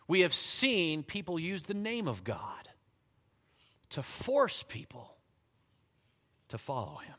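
A man with a rather high voice preaches a sermon, reading scripture and then retelling it as a lively story, chuckling often. A long hall reverb surrounds the recording.

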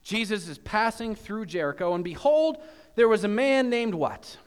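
A man preaching a sermon as pastor, telling a story with animated questions to the congregation. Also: high-pitched, moderate pace, clean tone, in a large hall. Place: church.

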